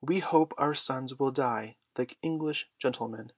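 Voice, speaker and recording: A man's voice: mid-range voice, measured pace, husky, dry recording. A man voicing a firm, contemptuous young girl who mothers a band of boys.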